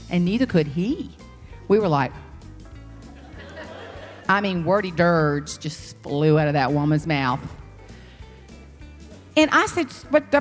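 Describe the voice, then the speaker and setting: Sassy Southern woman telling a lively story. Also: on the low side. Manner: sassy, animated storyteller who acts out quotes. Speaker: professional speaker. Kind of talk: storytelling keynote speech. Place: large hall before an audience. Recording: live stage talk in a reverberant hall.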